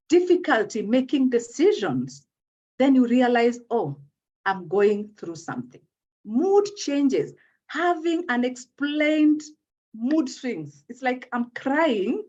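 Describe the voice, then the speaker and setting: A woman's voice: high voice, dark tone. A woman speaking as a guest in an interview, explaining at length, often checking in with "okay?" and repeating words as she gathers her thoughts. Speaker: guest speaking on postpartum depression. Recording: dull lo-fi audio.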